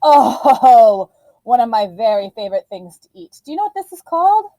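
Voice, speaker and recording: Young woman teacher doing a phonics lesson for little kids, bouncy sing-song voice, a bit high. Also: very animated, moderate pace, mellow, slight background noise, rough recording. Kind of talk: early-childhood phonics lesson.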